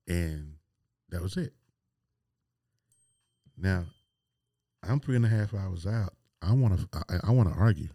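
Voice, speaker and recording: Deep, mellow-voiced man in his forties. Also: expressive, unhurried, pauses often, no room sound, studio quality. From North Carolina. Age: 40s. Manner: candid, rambling, with frequent restarts and laughs. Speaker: podcast host. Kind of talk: personal storytelling monologue.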